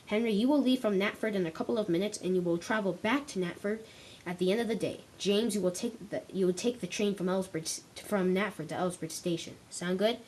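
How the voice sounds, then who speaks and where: A woman's voice: medium pitch, a little fast, a little mellow, a little hiss or hum, natural voice, low-quality recording. A woman voicing a bossy railway boss. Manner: bossy, giving orders. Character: stern older male railway boss.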